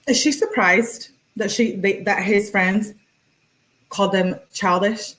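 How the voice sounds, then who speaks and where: A woman's voice: mid-range voice, steady tone, takes it slowly, a bit bright, poor audio. A woman reading a couple's text messages aloud, acting them out and adding sarcastic commentary. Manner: sarcastic asides between dramatic readings. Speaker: true crime commentator.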